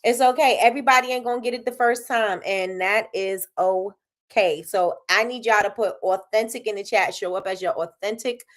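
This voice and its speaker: A middle-aged woman hosting a casual motivational live stream from her soap business. She talks with lively energy, repeats her points and often laughs. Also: mid-range voice, moderate pace. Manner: energetic, repetitive, preachy, laughs a lot. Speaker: live show host, soap business owner.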